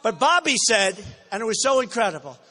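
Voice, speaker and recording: A man speaking at a political rally in a big indoor hall, his voice pitched high for a man and pushed hard with a bright, forceful edge. He riffs off the cuff, repeats himself and brags, then bursts into shouts to drive a point home. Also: very animated, a little fast. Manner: boastful, repetitive, off-the-cuff. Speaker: political candidate. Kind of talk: campaign rally speech.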